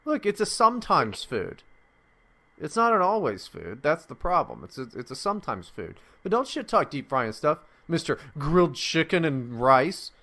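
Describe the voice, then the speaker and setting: A man's voice: fairly high pitch, very animated, moderate pace, sharp tone. A man co-hosting a podcast, rambling and profane, riffing in casual comedic bits. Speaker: podcast co-host.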